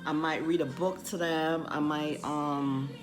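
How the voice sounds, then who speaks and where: A woman bus driver telling stories in a casual vlog, chatty and full of "you know", acting out the kids' voices in high shrieks. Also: steady tone, measured pace, music in the background.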